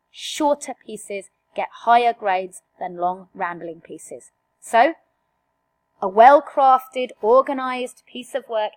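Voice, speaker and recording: A woman teaching an exam revision lesson, direct and emphatic, firing rhetorical questions at her students. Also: on the high side.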